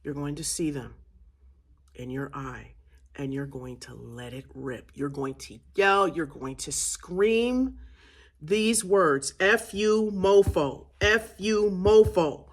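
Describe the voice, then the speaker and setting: A woman giving an earnest, casual spiritual lesson, repeating phrases and at times bursting into loud shouts. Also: rumbling low, takes it slowly, slightly rough. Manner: earnest, repetitive, bursts into shouting during demonstrations. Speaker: spiritual teacher. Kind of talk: casual spoken teaching to camera.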